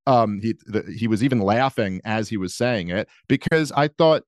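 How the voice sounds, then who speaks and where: A man speaking as a podcast guest, talking in a halting way with fillers. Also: lowish voice, animated, no echo, clean studio sound. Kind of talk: casual conversation.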